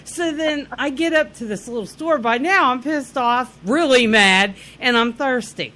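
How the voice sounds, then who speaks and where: A woman co-hosting a podcast, telling a story in casual chat, animated and laughing often, breaking into shouts when she quotes herself. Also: high-pitched, unhurried. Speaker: podcast co-host. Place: lives in Indiana.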